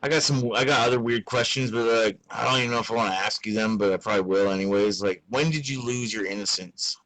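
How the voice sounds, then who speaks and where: A man's voice: lowish voice, fast talker, fairly bright tone, dry recording, rough recording. A young adult man hosting a podcast in casual chat, laid-back, swearing a lot and laughing often. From Utah. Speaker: podcast host.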